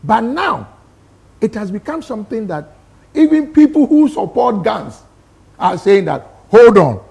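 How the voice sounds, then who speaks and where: Emphatic Ghanaian man with a gravelly voice. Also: sits high, sing-song, measured pace, warm tone. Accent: Ghanaian English. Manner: emphatic, rhetorical questions. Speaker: studio guest. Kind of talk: impassioned studio debate.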